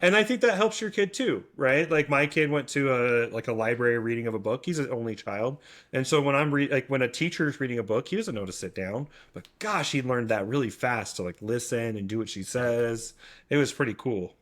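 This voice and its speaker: Guy in his 30s rambling thru dad stories on a podcast, mid-pitched, keeps doing little voices. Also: lively intonation, a little fast, a bit bright. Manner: rambling storyteller, acts out quoted voices. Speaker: podcast co-host. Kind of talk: casual chat.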